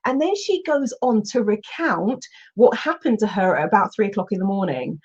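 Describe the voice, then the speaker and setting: A woman, a coach telling stories in an animated way, with exclamations and restarts. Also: mid-range voice, normal speed, breathy edge, muffled recording. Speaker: coach and Huna teacher. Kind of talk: storytelling in a recorded online session.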